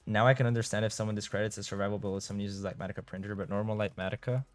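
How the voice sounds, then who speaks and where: A man's voice: fairly low pitch, little pitch movement, rapid-fire, faint music behind. A young man from Europe, chatting casually on a game live stream, reading out and answering chat and laughing often. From Eastern Europe. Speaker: gaming streamer.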